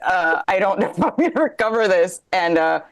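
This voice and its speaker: A woman's voice: fairly low pitch, expressive, fairly quick. A woman co-host telling a rambling, self-deprecating comedic story, often laughing through her lines.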